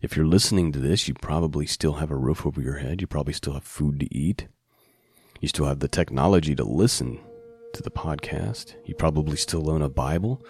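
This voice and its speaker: A man's voice: very deep voice, brisk, a little mellow, husky, no room sound. A man teaching a bible passage on a podcast in a conversational way, often checking in with the listener. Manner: conversational, asks the listener "right?" and "okay?".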